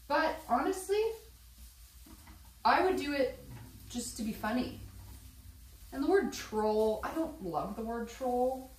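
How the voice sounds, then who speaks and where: Rambling excitable woman in an echoey kitchen. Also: a little high, slow, long pauses. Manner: rambling, excitable, profane, laughs often. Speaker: vlogger. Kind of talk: casual cooking vlog chat. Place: home kitchen. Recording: echoey room, voice a bit far from mic.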